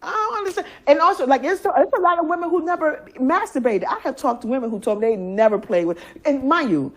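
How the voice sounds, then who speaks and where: Michigan lady, blunt and cussing a lot, kinda high voice, laughs a bunch. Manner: blunt, profane, laughs often. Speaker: interview guest. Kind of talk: candid casual chat.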